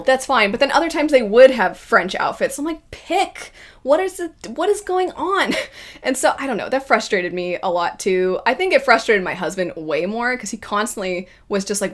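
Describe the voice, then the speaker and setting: A woman reviewing a series in a casual spoken style, lively and acting out her own quoted reactions. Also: medium pitch. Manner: animated, acts out quoted reactions. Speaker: video reviewer.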